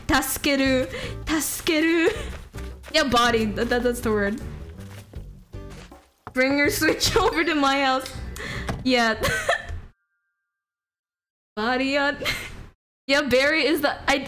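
A woman's voice: high-pitched, sharp tone. A young woman live-streaming a game, chatting casually, giggling, swearing and answering chat.

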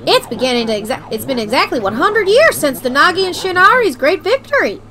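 A woman's voice: sits high, very animated, a little fast, pushed and bright, a little hiss or hum, voice pushed up, full character voice. A woman voicing a rambling old southern village man with a put-on Southern US drawl, reading game dialogue aloud. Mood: folksy.

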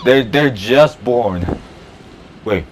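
A man giving casual let's play commentary on a park-building game, chatty and excitable, talking to the dinosaurs and laughing often. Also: medium pitch, extremely slow, slight background noise. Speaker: gameplay YouTuber.

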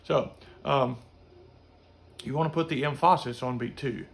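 A man's voice: mid-range voice, a little slow, creaky, long pauses. A middle-aged man teaching a music lesson in a casual way, singing note syllables to show how passages should sound. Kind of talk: instrument lesson.

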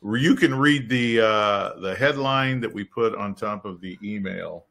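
A man's voice: on the low side, unhurried, fairly bright tone. A man hosting a casual company webcast, joking and rambling with restarts. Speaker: webcast host.

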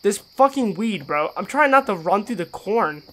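A man giving profane, sarcastic let's-play commentary on a horror game, moving between low mutters and panicked yells. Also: animated, normal speed, very noisy. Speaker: gaming YouTuber.

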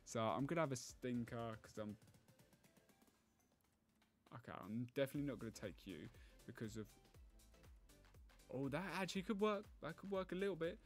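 A man's voice: medium pitch, lively intonation, moderate pace, long pauses, faint music behind. A man giving live gameplay commentary as a gaming YouTuber. He thinks aloud, groans and pleads at the game.

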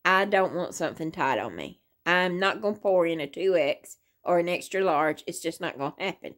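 A woman's voice: on the low side, lively intonation, moderate pace, fairly bright tone. An older woman, chatting casually to her viewers from her living room in a rambling, sleepy way. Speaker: crochet vlogger. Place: living room, in a hospital bed.

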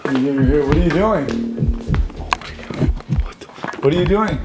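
A man's voice: a little high, expressive, normal speed, echoey room, loud music behind the voice. A young man vlogging a prank on his girlfriend, defensive and casual. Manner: defensive, then laughing and apologetic.

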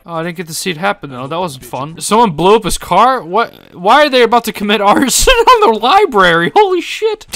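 A man giving casual, joking gameplay commentary as a gaming YouTuber, excitable and quick to laugh. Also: on the high side.

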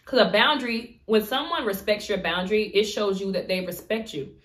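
A woman's voice: medium pitch, brisk. A woman telling a story in a casual vlog, acting out what people said and laughing often. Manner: animated storytelling, acts out quotes. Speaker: vlogger.

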